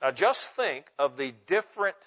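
Male preacher, emphatic, stresses single words, slightly high voice, muffled recording. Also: very animated, moderate pace, fairly bright tone. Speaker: preacher teaching pastors. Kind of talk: sermon teaching on Bible meditation. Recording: muffled lo-fi sound.

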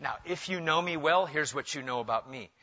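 A middle-aged male pastor preaching a sermon, animated, changing pitch and pace for emphasis. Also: fairly quick. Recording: dull lo-fi sound.

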